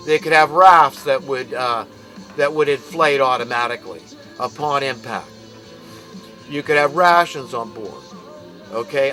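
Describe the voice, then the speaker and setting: A man's voice: a little high, sharp tone, low-quality recording. An American man delivering an impassioned, ranting monologue, emphatic and preachy. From United States. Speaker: commentator.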